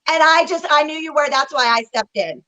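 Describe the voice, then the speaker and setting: A woman's voice: sits high, fairly quick, sharp tone, low-quality recording. A woman co-hosting a psychic reading livestream, talking emotionally and directly to the chat viewers. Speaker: psychic reader and co-host.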